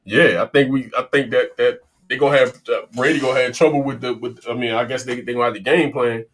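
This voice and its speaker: A man's voice: mid-range voice, steady tone, quick pace, fairly bright tone. A man co-hosting a casual sports chat, rambling with restarts, casual and profane. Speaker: co-host.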